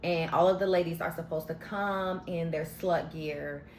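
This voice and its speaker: A woman's voice: on the low side, steady tone, moderate pace, darkish tone, a little hiss or hum. A woman recapping a reality show in a casual, sassy, slangy way, giving candid opinions. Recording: echoey room.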